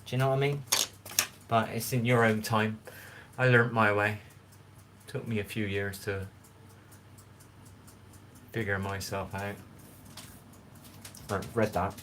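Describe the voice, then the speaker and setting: Speaking slowly with long pauses, this man has a fairly low, flat-sounding voice that barely moves in pitch, set against background noise. He's streaming live from his kitchen at home, cooking and tidying while he chats casually and rambles to viewers, speaking right to the chat and swearing bluntly at times.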